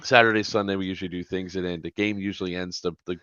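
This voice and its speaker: A middle-aged man, a grandfather, hosting a casual podcast and telling an animated travel story, swearing now and then. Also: low-pitched, fast, clear, resonant tone, no room sound. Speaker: podcast host and airsoft event organizer. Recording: dry, dull lo-fi podcast audio.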